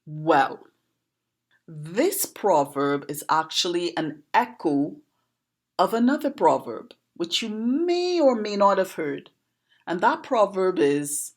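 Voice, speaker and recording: Trinidadian woman educator, low unhurried voice, patient and questioning. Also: expressive. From Trinidad and Tobago. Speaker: poet and educator. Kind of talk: explaining a proverb to camera.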